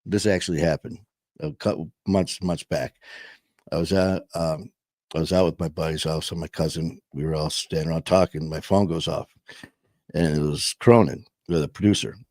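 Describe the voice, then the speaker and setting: A man's voice: rumbling low, steady tone, normal speed, a little mellow, dry recording, studio quality. A man hosting his own show, talking in a rambling, emphatic way and swearing often as he reflects casually. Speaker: show host.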